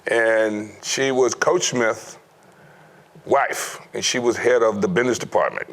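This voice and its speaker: A middle-aged former pro football player telling stories from his youth in a lively way, laughing often. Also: fairly low pitch, a little slow. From United States. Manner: animated storyteller, acts out quoted voices, laughs often. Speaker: former NFL player, guest. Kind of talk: storytelling interview.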